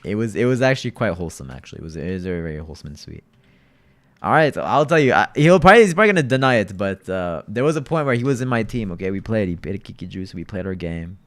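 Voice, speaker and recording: Fast-talking and sing-song, with a lowish voice, this young streamer plays a game and chats casually with his audience, repeating himself and addressing everyone as "bro."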